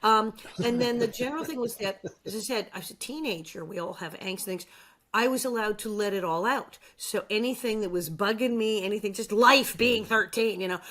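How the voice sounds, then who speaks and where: A woman in her sixties, an actress guest chatting casually and telling animated stories with acted-out quotes. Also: mid-range voice, a little fast. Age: 60s. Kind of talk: casual chat.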